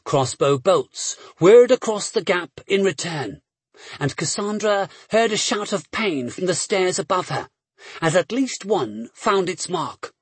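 A man reading an adventure novel aloud as a narrator, measured and steady, with brief voiced dialogue. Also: high voice, husky, no room sound. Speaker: audiobook narrator. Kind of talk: scripted narration.

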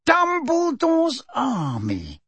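A man's voice: very high voice, huge pitch swings, very slow, fairly bright tone, dry recording, voice pushed up, exaggerated voice. A man reading an audiobook, voicing a pompous middle-aged male minister who blusters and quivers with delight. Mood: shocked.

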